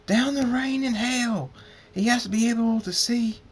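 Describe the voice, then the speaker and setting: A man voicing Draconic, a male pony warrior who screams his lines high and strained. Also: normal speed, slightly rough, heavily acted. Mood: frantic shouting.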